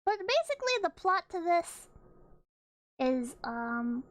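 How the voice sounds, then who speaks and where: A woman's voice: extremely high pitch, sing-song, slow pace, no room sound, rough recording. A young woman streamer chatting casually and playfully, rambling with restarts and freely swearing. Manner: playful, laughs often. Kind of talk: casual livestream chat.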